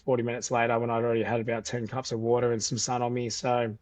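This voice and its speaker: A man's voice: medium pitch, fast talker, no room sound. Young aussie guy telling a story on a podcast, lots of ums and restarts, dry close mic. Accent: Australian. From Australia. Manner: animated retelling, loose with fillers and restarts. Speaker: podcast guest. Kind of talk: casual storytelling interview.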